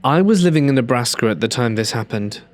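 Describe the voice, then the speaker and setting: A man reading a first-person horror story aloud in a measured, hushed storytelling voice. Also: medium pitch, expressive, soft background music. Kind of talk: scripted narration.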